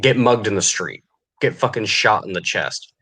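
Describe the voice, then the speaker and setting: A man's voice: lowish voice, animated, normal speed, sharp tone, husky. Angry guy ranting on his podcast, swearing nonstop, sneering. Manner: profane, furious, sneering. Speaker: podcast host. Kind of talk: angry rant.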